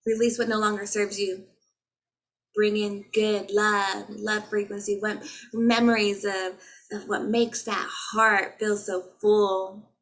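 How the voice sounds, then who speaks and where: A woman's voice: mid-range voice, level tone, slow, poor audio. A woman, a spiritual healer, talking to her viewers in a casual, earnest and motivational way, recorded on a laptop mic. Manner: earnest, motivational, with chanted light language. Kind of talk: casual spiritual vlog talk.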